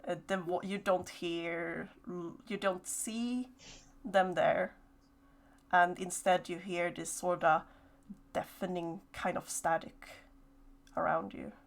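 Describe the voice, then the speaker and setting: Slow, hesitant woman game master. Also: lowish voice, steady tone, creaky. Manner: slow, hesitant narration with many fillers. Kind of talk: narrating a horror tabletop game.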